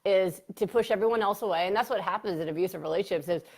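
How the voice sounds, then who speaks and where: A woman psychiatrist talks as a guest in a relaxed interview. Her voice sits in a middle pitch, and she tells her stories animatedly, full of fillers, swinging up into laughter. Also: fast. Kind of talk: casual interview storytelling.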